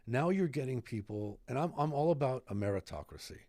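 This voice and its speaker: A man's voice: medium pitch, brisk, no echo, studio quality. A man in his fifties, a retired fire captain, telling stories animatedly as a podcast guest. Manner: animated storyteller who acts out dialogue. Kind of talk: casual podcast interview. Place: podcast studio in Idaho.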